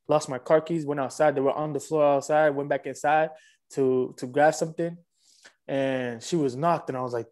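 A man, telling a dating story in a loose, animated, slangy way and acting out both sides of each exchange. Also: on the high side. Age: 20s. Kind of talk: casual storytelling.

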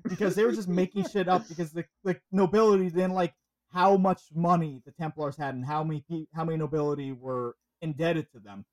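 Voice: medium pitch, steady tone, a little fast. Rambling casual podcast host. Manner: rambling, storytelling with restarts. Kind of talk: casual chat.

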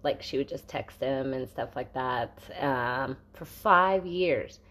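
Woman, low voice, podcast co-host, casual chat, rambling, joking, filler-heavy. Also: takes it slowly, fairly bright tone.

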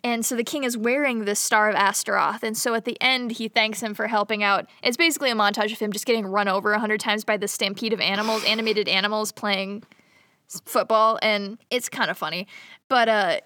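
A woman's voice: medium pitch, fairly even intonation, brisk, pushed and bright, dry recording, clean studio sound. A young woman casually retelling a movie plot to a co-host, chatty and giggly, acting out the characters' lines. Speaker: podcast co-host.

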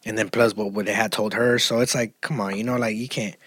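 A man telling a casual, profane, slang-heavy story, getting loud and animated as he goes. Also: fairly low pitch, a little fast, breathy edge, no echo, studio quality. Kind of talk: casual chat.

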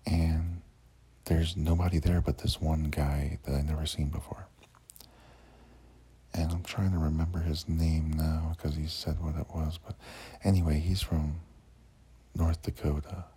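A man with an extremely deep, very husky voice tells a rambling story about his day. He swears freely and keeps restarting his sentences. His delivery stays flat and his tone is dark. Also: a little slow, pauses often. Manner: rambling, profane, many fillers and restarts. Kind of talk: casual storytelling.

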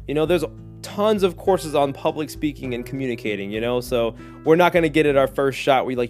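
A man hosting a solo podcast, talking casually in a jokey, animated way with lots of tangents. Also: mid-range voice, brisk, soft background music. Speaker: podcast host.

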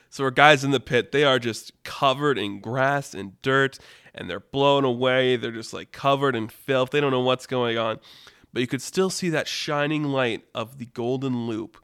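A man hosting a casual storytelling podcast, animated and laughing often, with lots of "like". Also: mid-range voice, normal speed, clean tone, dry recording, clean studio sound. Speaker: storyteller host.

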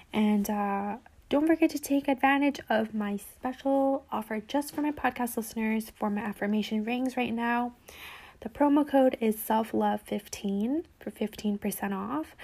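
A woman's voice: a little high, a little mellow. A young woman hosting a self-help podcast, talking in a chatty, reassuring way with lots of "like" and "um". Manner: chatty, says "like" and "um" often, reassuring. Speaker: podcast host.

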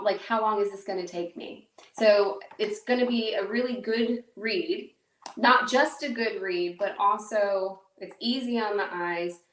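Her voice is medium-pitched and a bit bright, though distant and slightly off-mic, echoing around the room. Hosting her own podcast alone, she chats in a loose, rambling, self-deprecating style crowded with fillers.

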